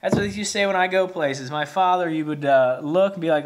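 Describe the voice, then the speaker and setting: A man talks through a beer review in a loose, folksy ramble, circling back with plenty of fillers and restarts. His voice sits slightly higher than most men's. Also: a little fast. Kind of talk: casual video review.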